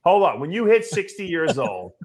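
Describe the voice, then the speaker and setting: A man on a talk panel lays out his view with emphasis. His voice sits a little high and swings widely in pitch. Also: very animated, moderate pace, darkish tone. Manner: emphatic, analytical, talks over others. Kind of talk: casual chat giving opinions.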